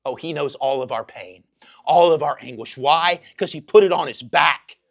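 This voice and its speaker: A man preaching a chapel sermon, moving from quiet personal storytelling to loud, impassioned preaching. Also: on the high side, normal speed, gravelly, no room sound. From Oklahoma.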